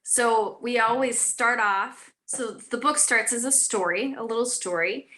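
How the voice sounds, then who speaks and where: A woman's voice: fairly high pitch, unhurried, pushed and bright. A woman in her thirties or forties, an author chatting earnestly on a live stream, with many fillers and restarts. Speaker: author guest. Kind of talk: casual live chat.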